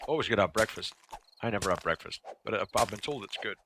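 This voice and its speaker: A man casually chatting and joking while livestreaming a survival game, rambling between low mutters and loud exclamations. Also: fast talker, slight background noise. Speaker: gaming livestreamer. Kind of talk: casual let's-play commentary.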